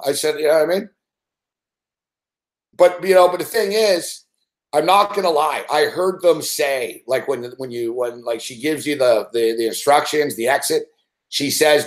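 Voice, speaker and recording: A man's voice: fairly high pitch, normal speed. A man hosting a show, telling a rambling, profane story in casual chat and laughing often. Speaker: show host.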